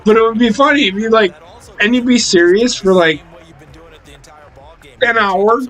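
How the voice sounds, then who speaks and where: A man's voice: high voice, a little slow, a bit bright, low-quality recording. A young man chatting casually while gaming, telling profane stories and laughing often. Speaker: gaming streamer. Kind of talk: casual chat.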